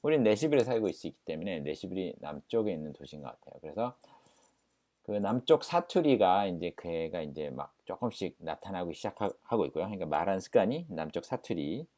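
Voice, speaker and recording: A Korean-accented man runs an English lesson. He repeats each phrase slowly, then rushes through his Korean explanation in a fairly low voice with a very lively, rising and falling pitch. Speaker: English teacher.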